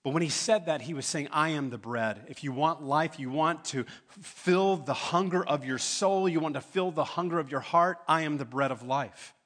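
Man, pastor, sermon, emphatic, somewhat high-pitched. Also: normal speed, hardly any pauses, a bit bright. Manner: emphatic, rising to urgent pleas.

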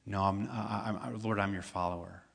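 A man voicing a brash adult male disciple who protests loudly, in a sermon retelling. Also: lowish voice, steady tone, fairly quick, gravelly, husky, exaggerated voice. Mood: pleading. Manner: insistent, protesting.

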